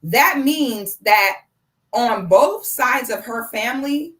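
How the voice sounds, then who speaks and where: A woman's voice: a little high, lively intonation, slow, a bit bright. A woman in her thirties hosting a casual live stream, effusive and chatty, reading out viewers' messages and thanking them by name. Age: 30s.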